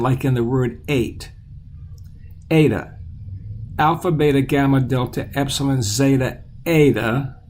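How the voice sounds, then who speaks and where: Man, children's teacher, patient, repeats each letter slowly, plain mid-pitched voice. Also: a little mellow, a little hiss or hum. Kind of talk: children's alphabet lesson.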